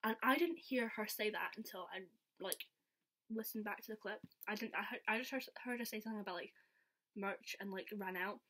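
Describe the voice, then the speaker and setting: A young woman telling a story in a casual, excited, chatty vlog style, full of "like" fillers. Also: medium pitch, a little fast. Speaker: vlogger.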